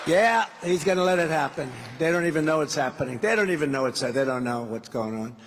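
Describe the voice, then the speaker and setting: A man's voice: a little high, lively intonation, a little fast, slight background noise. A man giving a rambling, off-script campaign speech at a large rally, acting out dialogue as he goes. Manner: rambling, repetitive, acts out dialogue. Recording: long reverb of a big hall.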